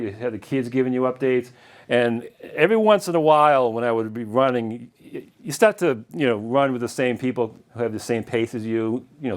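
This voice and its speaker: A middle-aged man lectures in an easygoing, conversational way. He rambles through stories with the odd chuckle, his voice sitting at a plain, ordinary pitch. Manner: chatty and anecdotal, chuckling at his own stories. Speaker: lecturer and longtime marathon runner. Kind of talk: casual illustrated lecture.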